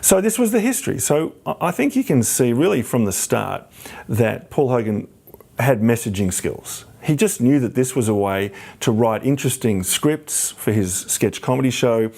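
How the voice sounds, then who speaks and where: A man hosting a podcast, telling stories in a casual, animated way and acting out the people he quotes. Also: mid-range voice, moderate pace, gravelly. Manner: animated, acts out quoted voices. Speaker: podcast host. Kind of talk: casual storytelling chat.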